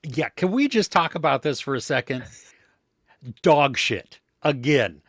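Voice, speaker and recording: A man's voice: fairly high pitch, a little slow, no echo. Dry-miked man ranting about movies. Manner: blunt, animated when ranting about films. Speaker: movie podcast co-host. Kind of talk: casual live chat.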